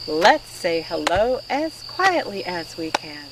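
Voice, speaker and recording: A woman's voice: on the low side, very animated, takes it slowly, background noise. A woman leading a children's storytime with playful sing-song voice games, recorded outdoors on a farm. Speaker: children's librarian. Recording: distant outdoor recording with crickets.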